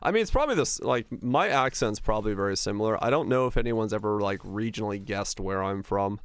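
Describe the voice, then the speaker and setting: A man with a neutral American broadcaster-like accent, livestreaming and chatting casually in a relaxed, rambling way. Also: lowish voice, fast talker, clean tone, no room sound. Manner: relaxed, rambling, many fillers. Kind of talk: casual chat while gaming.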